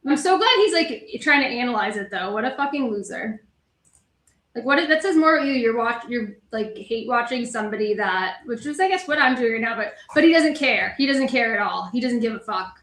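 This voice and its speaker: A woman's voice: fairly high pitch, lively intonation, brisk, fairly bright tone, roomy sound. A woman hosting a stream, taunting and insulting a critic with constant swearing. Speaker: stream host. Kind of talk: heated casual commentary.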